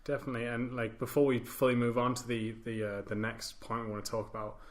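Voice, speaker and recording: A man's voice: medium pitch, little pitch movement, fast talker. A man hosting a casual podcast discussion, chatty and informal with a self-deprecating touch. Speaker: podcast host.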